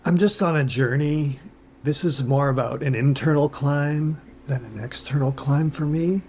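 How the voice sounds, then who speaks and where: A man's voice: fairly high pitch, moderate pace, husky. A man playing a rich, earnest, naive climber. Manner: deadpan, earnestly self-important. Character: wealthy naive male climber, self-absorbed. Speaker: podcast co-host. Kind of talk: improvised comedy sketch.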